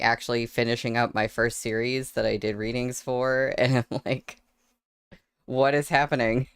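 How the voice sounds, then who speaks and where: A woman's voice: rumbling low, clean tone, dry recording, clean studio sound. A woman chatting casually on her livestream into a desk microphone, laughing often between words. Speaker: streamer reading novels aloud.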